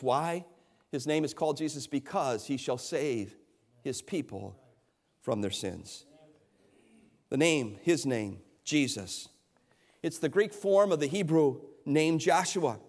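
A man's voice: medium pitch, expressive, slow, long pauses, a little mellow. A male pastor delivering a sermon in an earnest preaching manner, often repeating words and restarting phrases. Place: church sanctuary. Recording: church sanctuary with long reverb.

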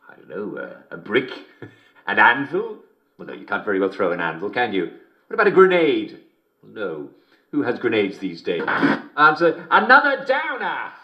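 A giggly English TV host. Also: male voice, on the low side, very animated, moderate pace, highs cut off. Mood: jovial. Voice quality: keeps chuckling between lines, smarmy showman delivery. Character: giggly jovial male TV host, middle-aged. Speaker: TV and radio host. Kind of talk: scripted in-game broadcast.

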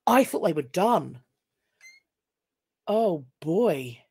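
Very slow and mellow, with a breathy edge and big swings in pitch, this fairly low-voiced woman hosts a casual history live stream. She has a London accent, comes from England, and is chatty and wry, regularly breaking off and starting over; there's no room sound.

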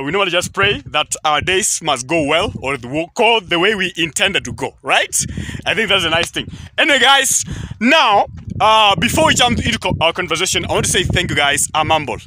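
A Kenyan man who speaks English as a second language vlogs for YouTube outdoors near a highway, chatting to camera in a rambling way full of fillers and restarts. His voice is high, bright, and forceful, with a little hiss or hum in the audio.

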